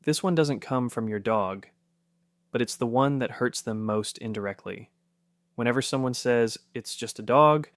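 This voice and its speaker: A man reading a scripted narration in a soft, steady, reassuring way. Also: mid-range voice, no echo, studio quality.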